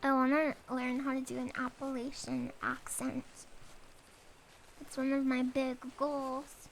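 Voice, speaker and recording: A woman's voice: high voice, monotone, unhurried, creaky, a little hiss or hum. A young woman streaming a game, chatting playfully and giggling between remarks. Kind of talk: casual gameplay commentary.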